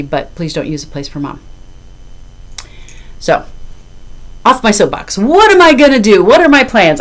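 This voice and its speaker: A woman in her fifties, chatting casually to camera about her cross-stitch, rambling and often apologizing as she goes. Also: low voice.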